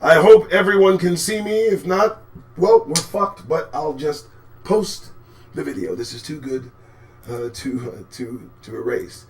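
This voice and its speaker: A man hosting a live commentary show, talking in a sarcastic, profane way and swinging from low mutters to sudden shouts. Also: measured pace. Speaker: host.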